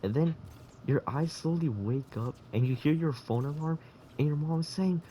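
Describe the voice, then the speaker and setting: Mellow-voiced guy rambling on voice chat. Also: a little high, normal speed, a little hiss or hum. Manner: rambling, spins absurd hypothetical stories. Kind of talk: casual voice chat.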